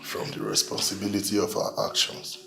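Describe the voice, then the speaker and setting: A guilt-ridden husband with a Nigerian accent confesses in a low, gravelly voice that swings widely in pitch. He talks in a hushed, remorseful tone over faint movie music. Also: big pitch swings, a little fast, heavily acted. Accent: Nigerian English.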